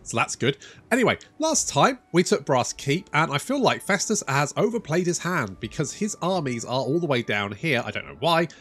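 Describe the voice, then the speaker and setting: Lively, rambling sweary male gamer. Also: a little high, normal speed, husky. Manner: rambling, sweary, self-mocking. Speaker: gaming YouTuber. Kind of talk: casual let's-play commentary.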